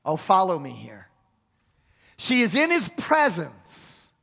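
A man's voice: sits high, huge pitch swings, slow pace, creaky, a bit bright. A man preaching a sermon, building to emphatic peaks and repeating key phrases. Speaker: pastor. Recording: long hall reverb.

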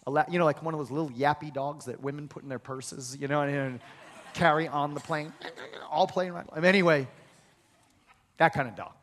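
Male pastor, emphatic and repetitive sermon delivery with call-and-response, high voice, long church-hall reverb. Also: a little fast, a bit bright, slight background noise. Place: church sanctuary.

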